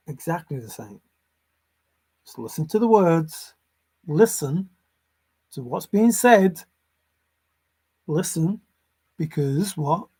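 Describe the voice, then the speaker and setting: With a fairly high, darkish, slightly rough voice, this treasure-hunt vlogger comments solo and off the cuff. Sarcasm and exasperation run through it, along with swearing and phrases repeated for emphasis.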